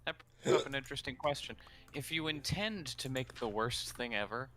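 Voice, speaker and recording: A man's voice: mid-range voice, fairly quick, pushed and bright. A man co-hosting a podcast in casual chat, sarcastic and jokey. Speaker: podcast co-host.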